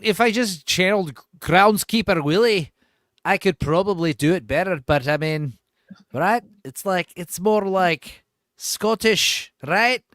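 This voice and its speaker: A man hosting a casual livestream, talking in a rambling, animated way with lots of fillers. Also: sits high, no echo, studio quality. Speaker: host.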